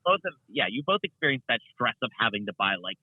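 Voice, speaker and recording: A man's voice: mid-range voice, very animated, fast talker, slightly rough, no echo. A young man, a guest content creator, chatting casually in an interview, rambling with many fillers and restarts over a remote call. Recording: tinny phone-like line.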